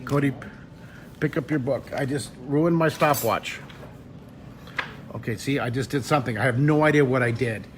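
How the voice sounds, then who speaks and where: A man teaching drawing on a live webcast, chatting with fans in a jokey, excitable way and breaking into delighted exclamations. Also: mid-range voice, normal speed, pauses often, noisy background. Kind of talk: lively live-stream chat with fans. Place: a restaurant.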